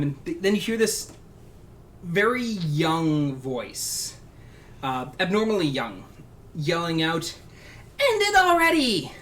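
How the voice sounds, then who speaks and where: A man narrating a tabletop game as game master, describing scenes in halting bursts full of fillers. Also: a little high, fairly bright tone. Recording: faint background noise.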